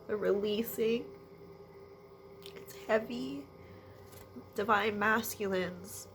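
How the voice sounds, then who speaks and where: A woman giving a spiritual energy reading to viewers at home, speaking in a halting way with sighs and apologetic asides. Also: medium pitch, sing-song. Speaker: intuitive energy reader. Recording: noisy background ambience.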